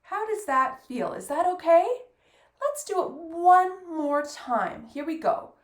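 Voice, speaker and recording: A woman's voice: extremely high pitch, big pitch swings, slow, roomy sound, soft background music. A woman teaching a fiddle lesson, patiently counting beats aloud and praising often. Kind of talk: encouraging music lesson.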